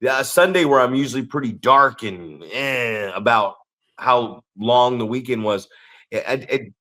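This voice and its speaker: Dude on a podcast rambling thru a story, mid pitch, keeps restarting his sentences. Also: measured pace, pushed and bright. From Northern California. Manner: rambling, restarts sentences, acts out quoted people. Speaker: podcast co-host. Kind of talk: casual storytelling chat.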